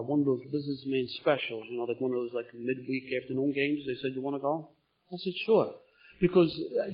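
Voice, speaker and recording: Husky man telling a story. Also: medium pitch. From Philadelphia, USA. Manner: animated storytelling, gets loud and laughing at funny parts. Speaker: recovering alcoholic sharing his story. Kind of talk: recovery meeting talk. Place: meeting room in front of an audience. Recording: dull lo-fi meeting recording.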